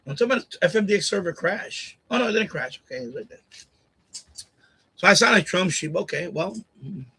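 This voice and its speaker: A man's voice: sits high, lively intonation, fairly quick, gravelly, sharp tone, breathy edge, low-quality recording. A man hosting a live stream, ranting straight at a viewer in a combative, repetitive way on a USB condenser mic at home. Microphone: USB condenser mic on boom arm.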